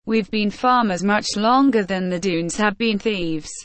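A woman's voice: mid-range voice, unhurried, no room sound, natural voice. A woman voicing an honest young farmer who speaks plainly and earnestly.

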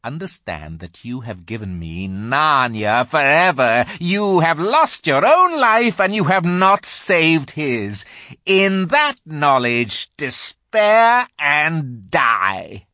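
A man reading a storybook aloud, voicing a cruel female witch who taunts her victim slowly and shrilly. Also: sing-song, dry recording, clean studio sound, heavily acted. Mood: gloating. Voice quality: shrill, high, forceful. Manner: slow taunting stresses, rising to shrieks.

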